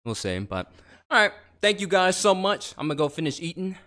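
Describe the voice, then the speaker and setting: A man's voice: high voice, big pitch swings, brisk, bright, forceful tone. A man appearing as a guest YouTuber on a livestream, chatty and playful, full of slang. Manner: chatty, slangy, playful, says bro and y'all. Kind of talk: casual livestream chat.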